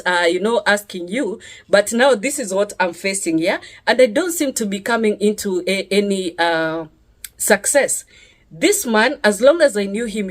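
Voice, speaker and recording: Woman telling her testimony, all fired up and pleading, keeps tagging "yeah?" on the end, voice sits mid-height. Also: medium pitch. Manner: impassioned, pleading, often ends phrases with "yeah?". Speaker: speaker giving a personal testimony. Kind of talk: emotional personal testimony.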